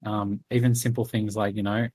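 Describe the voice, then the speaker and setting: A man's voice: on the low side, level tone, normal speed, darkish tone. A man co-hosting a casual film podcast, talking hesitantly and often trailing off with "I don't know". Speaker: podcast co-host.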